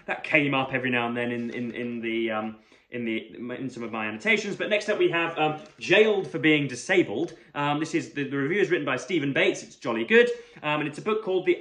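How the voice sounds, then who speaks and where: A man reviewing a magazine for his book channel, talking in a halting, wordy way with many fillers and restarts. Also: mid-range voice, fairly bright tone. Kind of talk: casual book review vlog. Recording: roomy echo.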